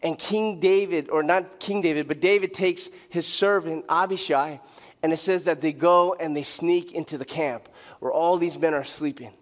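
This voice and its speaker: A male pastor delivering a sermon, retelling a Bible story with lively acted-out dialogue. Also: on the high side, moderate pace, big-room sound. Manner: animated storytelling, acting out characters' lines. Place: church sanctuary.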